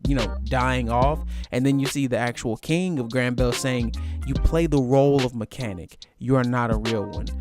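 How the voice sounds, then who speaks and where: A man casually recapping a manga chapter as host, chatty and laid-back, with plenty of "you know" fillers. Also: medium pitch. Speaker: manga reviewer. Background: background music.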